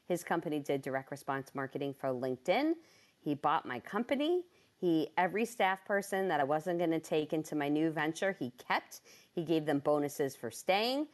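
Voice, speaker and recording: A woman with a somewhat low voice tells a heartfelt story about her own life. She speaks with feeling and lots of expression, and her voice leaps up when she acts out her own thoughts. It comes across as an unscripted personal testimony. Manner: animated, emotional, jumps high when quoting herself. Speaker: business owner and speaker.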